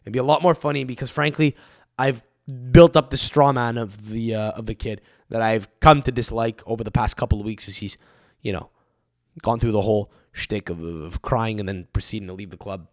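A young man hosting a solo podcast, ranting in a profane, animated way into a close mic. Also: lowish voice, brisk, no room sound. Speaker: podcast host.

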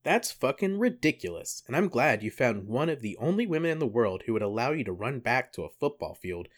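This is a young man in casual, comedic podcast chat, laughing easily between bits. He reads passages aloud in a dry, deadpan way, with a voice of ordinary, middle pitch. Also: fairly quick. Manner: joking, laughs often, deadpan readings. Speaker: podcast co-host.

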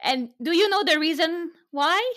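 A woman co-hosting a casual TV recap chat, animated and quick to laugh and swear. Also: very high voice. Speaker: podcast co-host.

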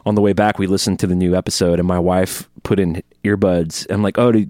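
Man, podcast co-host, lowish voice, dry close mic, rambling jokey chat, sore from a tooth extraction. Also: flat delivery, a little fast, mellow, dry recording. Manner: rambling, joking, self-interrupting. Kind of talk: casual chat.

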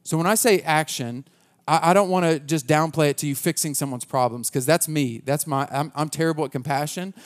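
A man's voice: on the high side, a little fast. A man preaching a conversational sermon as pastor, earnest and casual, often restarting his sentences.

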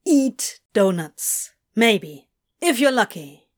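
A woman voicing a swearing, exasperated male demon who talks loudly and frantically. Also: on the high side, very animated, slow pace, exaggerated voice. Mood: frantic. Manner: loud, exasperated, cursing.

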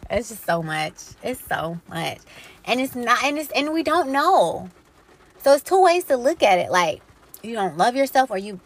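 A woman's voice: fairly high pitch, expressive, normal speed, a bit bright. A woman hosting her own podcast, talking in a blunt, profane, preachy way and firing off emphatic rhetorical questions. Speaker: podcast host. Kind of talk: impassioned solo podcast monologue.

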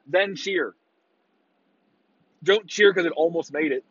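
A husky-voiced man rants in a loose, profane, exasperated way, now and then jumping into shouted mocking impressions. His voice sits at an ordinary middle pitch. The recording is dry and a little muffled. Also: slow pace, no room sound. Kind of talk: casual rant.

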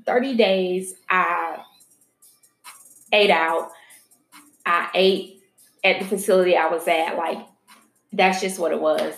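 A woman's voice: mid-range voice, normal speed, a little hiss or hum. A woman vlogging casually to her viewers, frank and chatty, swearing freely as she talks straight to them. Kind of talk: casual chat to camera. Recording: roomy echo with faint music.

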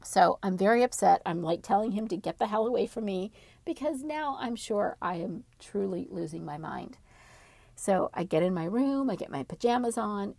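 A woman telling a personal story casually, in an animated, dramatic way. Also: fairly low pitch, creaky, dry recording.

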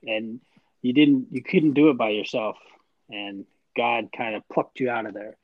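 A man's voice: mid-range voice, a little slow, no room sound, narrow, tinny audio. A man co-hosting a podcast, giving earnest, faith-driven encouragement. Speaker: podcast co-host. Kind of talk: casual podcast chat.

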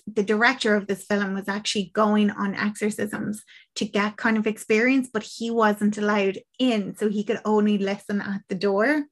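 A young woman in casual podcast chat, retelling a film plot and acting out the characters' lines. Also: mid-range voice. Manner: chatty, acts out quoted lines, swears casually.

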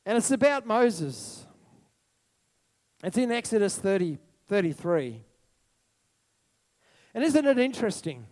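A man preaching a sermon to a church congregation, animated and exclamatory, with sudden whoops. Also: high voice, slow, long pauses. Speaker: pastor. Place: church hall.

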